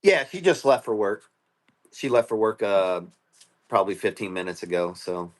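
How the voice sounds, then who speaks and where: A man's voice: fairly low pitch, big pitch swings, normal speed. A man telling crude, joking stories with lots of swearing as a guest on a live stream. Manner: profane, joking storyteller. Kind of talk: casual chat.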